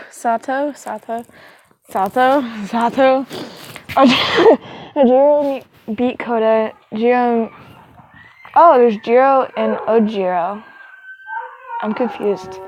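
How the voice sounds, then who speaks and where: Girl reading fanfic out loud, rambly and giggly, kinda high voice, soft mellow tone. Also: a little hiss or hum. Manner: giggly, rambling, filler-heavy. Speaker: fanfiction reader. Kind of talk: reading fanfiction aloud with chatty asides.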